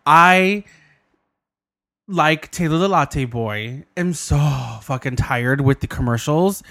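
A man's voice: fairly high pitch, animated, takes it slowly, fairly bright tone. A man co-hosting a podcast in casual, crude banter, laughing often. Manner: giggly, laughs often while talking. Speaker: podcast co-host. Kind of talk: casual chat.

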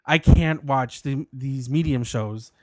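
A male podcast co-host with a medium-pitched, slightly mellow voice takes his time telling a rambling story in casual chat. He laughs often and keeps restarting. The indoor studio sound is clean, without any room sound.

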